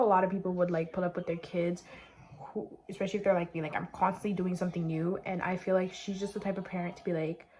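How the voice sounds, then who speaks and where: A woman's voice: lowish voice, mellow. Chatty sarcastic young woman vlogging. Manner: chatty, sarcastic, filler-heavy with lots of "like". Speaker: beauty vlogger. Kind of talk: casual get-ready-with-me chat.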